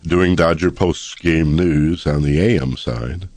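A man's voice: extremely low pitch, slow, a little mellow, no echo. A middle-aged man hosting a radio interview in a studio, conversational and admiring. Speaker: radio host.

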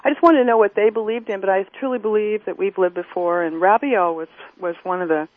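A woman's voice: mid-range voice, quick pace, dry recording. Lady calling in, lots of ums, tinny dry phone sound. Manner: rambling, hesitant, many ums. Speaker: caller. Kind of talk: phone-in call.

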